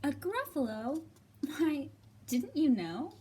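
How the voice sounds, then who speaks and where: A woman voicing a small, clever brown mouse in a picture-book reading, bright and confident. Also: high voice, very animated, takes it slowly, voice pushed up, full character voice. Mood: boastful.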